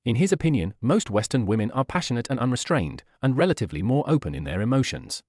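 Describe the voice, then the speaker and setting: Man reading a story, lively pitch, dry sound. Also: quick pace, no room sound. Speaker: narrator. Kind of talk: scripted narration of a web novel.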